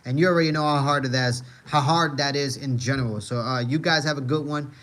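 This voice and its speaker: A man at an ordinary middle pitch chats on a live stream, reading messages aloud. He rambles, repeats himself, leans on filler words and swears freely in a relaxed, joking tone. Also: brisk. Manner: rambling, heavy on "uh" and "you know what I mean"; laid-back, profane, joking. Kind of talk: casual live-stream chat.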